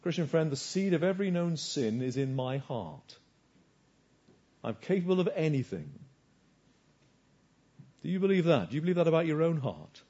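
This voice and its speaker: Male preacher with a fairly high voice, fervent and questioning, on a muffled lo-fi recording. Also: big pitch swings, moderate pace, pauses often. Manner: rhetorical questions, swinging between hushed and forceful emphasis. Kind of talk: sermon.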